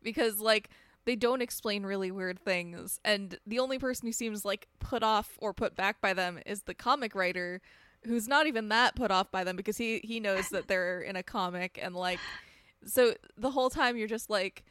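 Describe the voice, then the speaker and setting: A woman's voice: mid-range voice, moderate pace, a bit bright, smooth, dry recording. Brief Woman, casual film-chat co-host, rambling and emphatic, dry close mic. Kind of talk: casual movie discussion.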